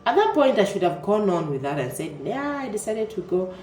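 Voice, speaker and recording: A young Kenyan woman telling a personal story in a casual, animated way, often repeating words and stammering as she goes. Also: medium pitch, fairly quick, a little hiss or hum. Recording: echoey room with faint ambience.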